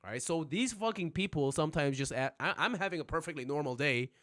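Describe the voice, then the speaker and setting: A young man teaches casually on a livestream from home, recorded on his phone, joking, rambling and swearing with constant "right?" check-ins. His voice is a little high, lively in intonation, fairly quick and a bit bright.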